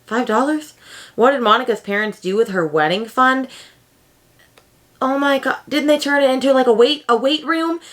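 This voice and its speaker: This is casual chat from a young book vlogger whose talk is lively and chatty. Her reactions come fast and high, often as abrupt exclamations.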